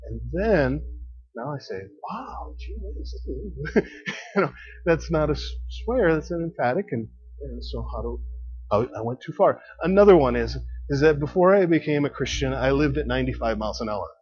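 Male preacher, conversational and emphatic, husky voice, dull low-fi recording. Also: lively intonation, a little fast. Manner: conversational, laughs often, emphatic swings in loudness. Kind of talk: sermon.

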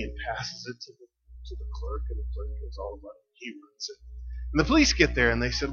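Preaching as pastor, a man spins casual stories loaded with fillers and chuckles. His medium-pitched, slightly bright voice swings widely in pitch at a normal speed, and the recording sounds dull and lo-fi.

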